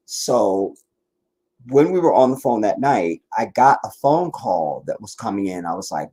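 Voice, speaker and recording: Tired male stream host from the DC area, rambling casual chatter, breathy husky tone. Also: on the low side, animated, fairly quick, mellow. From Washington DC area, US. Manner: meandering, many restarts and asides. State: tired, worn out. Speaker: livestream host.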